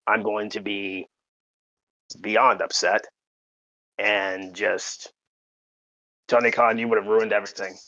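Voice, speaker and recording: A man co-hosting a podcast, talking in a halting, emotional way full of fillers and restarts, fighting back tears. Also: on the low side, flat delivery, sharp tone, no room sound, highs cut off. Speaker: podcast co-host. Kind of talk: casual podcast chat.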